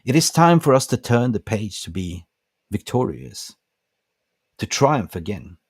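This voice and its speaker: Impassioned man ranting, low and dry. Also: very animated, unhurried, husky, dry recording. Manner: impassioned, preachy, rallying. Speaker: fan channel host. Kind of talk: passionate livestream rant.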